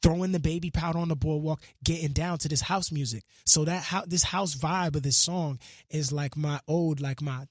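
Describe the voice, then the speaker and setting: A man from Brooklyn chats as a radio guest, earnest and reflective, full of street slang. His voice sits a bit high for a man. It is recorded close on a studio mic with a dry, dead sound. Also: fairly even intonation, normal speed, dry recording. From Brooklyn, New York. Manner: earnest, reflective, slangy, half-recites lyrics. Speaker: guest musician. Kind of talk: casual interview chat.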